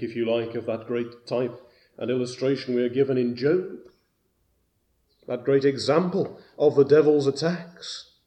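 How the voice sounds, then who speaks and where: A man preaching a sermon at a slow, measured pace. His voice is mellow and warm, pitched a little high for a man. He swings from quiet, low passages to loud, ringing declarations. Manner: slow, deliberate preaching with sudden loud emphatic rises.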